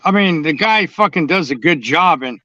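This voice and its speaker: A man's voice: fairly high pitch, expressive, normal speed, sharp tone. A man chatting casually and bluntly, swearing constantly as he tells his stories. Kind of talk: casual profane chat. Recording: dull, dry lo-fi sound.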